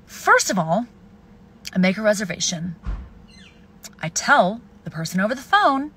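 A woman's voice: medium pitch, big pitch swings, unhurried, pauses often, a little hiss or hum. Furious, swearing woman ranting at the camera. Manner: furious, profane, shouting then hushing. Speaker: video poster. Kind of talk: angry self-filmed rant.

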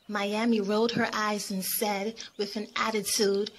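A woman reading a children's story aloud in a clear, expressive way. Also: medium pitch, slow pace, few pauses, slight background noise.

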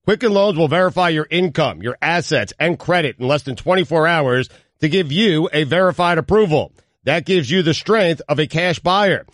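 A man co-hosting a sports radio show, reading a sponsor spot briskly. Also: a little high, expressive, no echo. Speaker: radio co-host. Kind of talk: casual banter and read ad.

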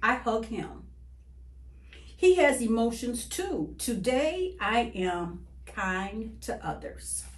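A woman reading a children's picture book aloud in an expressive, sing-song way. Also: on the high side, slow. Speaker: children's story reader. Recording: echoey room.

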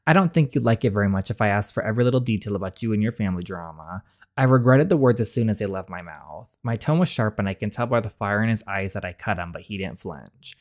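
Man voicing a young southern big sister, earnest, lively pitch, reads with feeling. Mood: defensive. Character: young southern woman, protective older sister.

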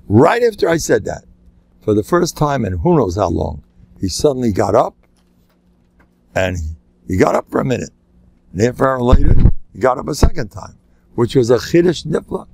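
A man's voice: mid-range voice, very animated, moderate pace, vocal fry, long pauses, a little mellow, no room sound. An older man, a rabbi, telling anecdotes in a lecture, laughing at his own jokes and acting out the voices of people in his stories. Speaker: rabbi giving a talk.

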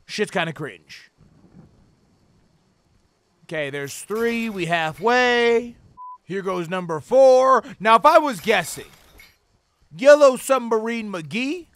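Loud, swearing man playing a horror game. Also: high-pitched, expressive, slow pace, pauses often, smooth. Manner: loud, profane reactions with sudden shouting. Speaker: gaming channel host. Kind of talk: let's play commentary.

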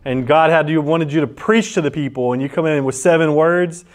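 A man's voice: fairly high pitch, brisk. A man preaching a conversational sermon, rambling and often restarting his sentences. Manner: rambling storyteller with frequent restarts.

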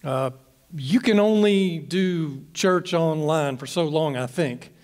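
A man's voice: on the high side, a little mellow, big-room sound. A man, a pastor giving an informal, rambling talk to church leaders and often restarting his phrases.

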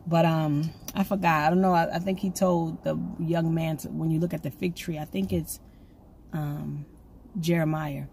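A woman giving an excitable, rambling prophetic message to her viewers, recorded on her own camera at home. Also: sits low, moderate pace, a little hiss or hum. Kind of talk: casual prophetic video message. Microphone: camera she sets up herself.

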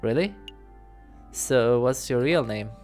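A man's voice: mid-range voice, animated, slow, darkish tone, faint music behind. A man voicing an eager young male sparrow assistant who sounds curious and questioning.

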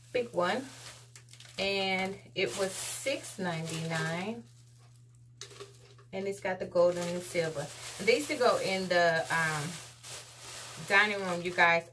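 Woman, unhurried, laid-back, casual haul vlog, faint background noise. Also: medium pitch. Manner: chatty, laid-back, talks to viewers as y'all. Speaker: vlogger.

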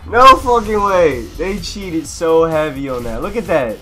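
A young man streaming his game, loud and excitable, with a high, bright voice that leaps between hushed muttering and shouting. He talks in an unhurried way, and soft game music plays underneath. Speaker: gaming YouTuber. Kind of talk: excited gameplay commentary.

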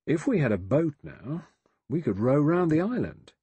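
A man's voice: on the high side, very animated, moderate pace, warm tone, breathy edge, no echo, pitched above the performer's own voice, heavily acted. A man over sixty voicing a blunt, matter-of-fact practical man.

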